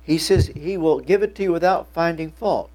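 A man's voice: on the high side, normal speed, a little mellow. A man in his seventies preaching a sermon to a congregation, folksy and joking, with a lingering cough. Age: 70s. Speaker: pastor.

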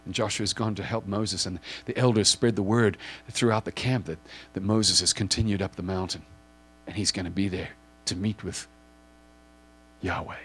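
Husky man preaching a vivid scene. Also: low voice, steady tone, a little fast, fairly bright tone. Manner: vivid second-person storytelling; repetitive, building intensity. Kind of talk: guided scripture visualization.

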